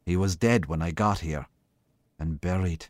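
A man's voice: deep voice, a little slow, no echo. A man doing a grim, weary Irish sergeant. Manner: flat, curt, grim.

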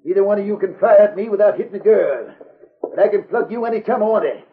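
An actor playing a gruff, sneering frontier outlaw in 1950s radio drama style, on a tinny old broadcast. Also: male voice, high-pitched, fast. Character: snarling crooked frontier outlaw.

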